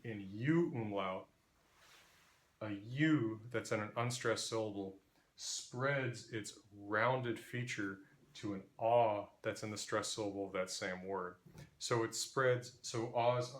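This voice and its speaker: Lower-voiced Interior West American lecturer. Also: male voice. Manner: measured, demonstrates vowel sounds aloud. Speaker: linguistics teacher. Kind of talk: explanatory lecture.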